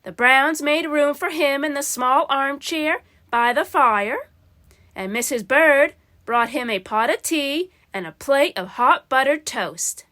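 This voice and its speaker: A woman reading a children's storybook aloud in a gentle, unhurried way. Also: high-pitched.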